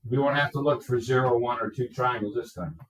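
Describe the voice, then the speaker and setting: A man with a medium-pitched, somewhat bright voice gives a math lecture, slowly breaking things down step by step and checking in with "okay?". The sound is echoey, recorded from a distance in the classroom.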